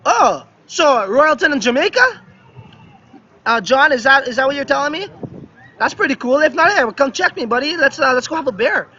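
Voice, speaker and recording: A man of West Indian background live-streams from a beach resort as a crypto vlogger, his voice extremely high, bright and pushed, with lively intonation at a moderate pace. He chats casually, often asking "right?" and repeating "yeah, yeah." The lo-fi audio carries slight background noise.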